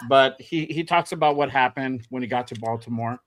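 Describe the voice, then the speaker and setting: A man's voice: mid-range voice, brisk. Man hosting a casual sports talk show. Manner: relaxed, rambling, frequent fillers. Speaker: podcast host.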